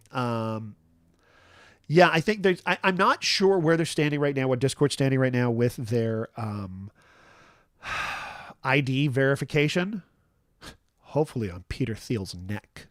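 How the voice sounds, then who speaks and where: Casting note: a man near fifty, solo stream host, medium pitch, rambling and self-deprecating, dry close sound. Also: a bit bright, no room sound. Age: 40s. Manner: rambling, self-deprecating, many restarts and fillers. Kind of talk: casual live-stream chat.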